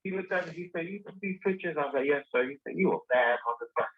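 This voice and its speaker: Man, interview guest, animated storyteller, raspy voice, tinny phone sound. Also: mid-range voice, very fast. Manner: animated storyteller, acting out quoted dialogue.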